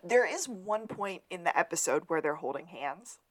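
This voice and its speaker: A woman's voice: lowish voice, normal speed. A woman co-hosting a podcast, chiming in with plot points and short remarks in casual chat. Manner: relaxed, adds short remarks and plot beats. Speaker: podcast co-host.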